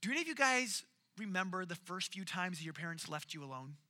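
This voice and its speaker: Guy preaching a chill sermon, high voice, real bright and sharp, acts out the quotes. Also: sing-song, fairly quick. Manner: storytelling, acts out quoted lines. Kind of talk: casual sermon.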